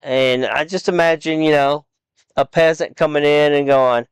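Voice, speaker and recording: A man casually walking through a game build, rambling and halting with fillers. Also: a little high, steady tone, clean tone, no echo. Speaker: game streamer.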